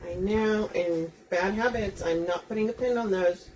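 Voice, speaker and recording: A woman's voice: medium pitch, moderate pace, darkish tone. Chatty woman showing a craft live. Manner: chatty, talks viewers through each step. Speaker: wreath-making host. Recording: distant mic, faint room noise.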